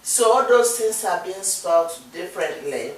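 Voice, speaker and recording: A woman's voice: fairly low pitch, animated, normal speed. A Nigerian-accented woman co-hosts a casual talk show, earnest and encouraging, driving her points home by repeating them. She sits well back from the mic, and the room around her rings with heavy echo. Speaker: co-host. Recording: distant, echoey room sound.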